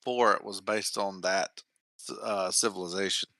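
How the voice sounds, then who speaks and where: A man's voice: deep voice, fairly even intonation, moderate pace, creaky, sharp tone, dry recording. A man co-hosting a podcast, chiming in with wry, jokey asides in casual chat. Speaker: podcast co-host.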